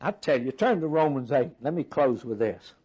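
A man's voice: mid-range voice, animated, moderate pace, darkish tone, husky, muffled recording. A man preaching a sermon, stringing words into rhythmic, emphatic lists.

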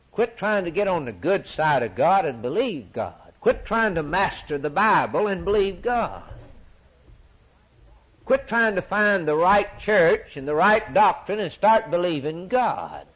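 A male preacher delivers a sermon with a fairly high voice. His pitch leaps and falls with wide, lively movement. He drops to near-whispers and then climbs back to ringing declarations, repeating phrases to drive them home. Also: a little slow, husky. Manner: dramatic swings from loud to hushed, repetitive emphasis.

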